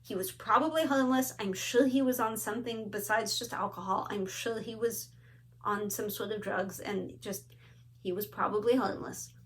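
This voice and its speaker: A woman hosting a craft video, telling a story in a casual, animated way and acting out what people said. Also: medium pitch, moderate pace. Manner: animated, lots of "like" and quoted asides. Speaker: flosstube host.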